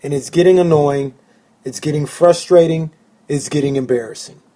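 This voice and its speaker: Guy doing his solo sports podcast, kinda high voice but mellow, all hyped up, says stuff twice for emphasis. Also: normal speed. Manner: excited, emphatic, repeats phrases for effect. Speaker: podcast host.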